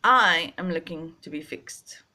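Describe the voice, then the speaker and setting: Young woman, slow and halting, a bit stuffy-nosed, confessional vlog storytelling. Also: fairly low pitch, animated, bright, forceful tone. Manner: halting, emotional, many restarts and pauses. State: stuffy, sinus. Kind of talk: personal storytelling to camera.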